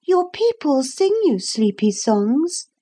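A woman doing a clear, firm little girl. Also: high voice, very animated, takes it slowly, mellow, pitched above the performer's own voice, full character voice. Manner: firm, insistent. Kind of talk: storybook reading.

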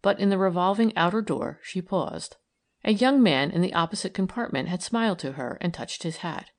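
A woman reading a story aloud in a measured, calm narration. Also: fairly low pitch. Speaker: audiobook reader.

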